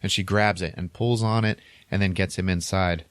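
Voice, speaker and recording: Low-voiced man rambling through a story. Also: steady tone, normal speed, smooth, no room sound, studio quality. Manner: rambling storyteller, chuckles between lines, many "like"s. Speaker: podcast co-host. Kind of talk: casual chat, retelling a film plot.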